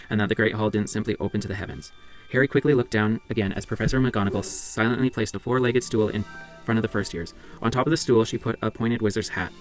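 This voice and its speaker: A man reading a children's novel aloud for a library book club, brisk with small slips and restarts. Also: on the low side.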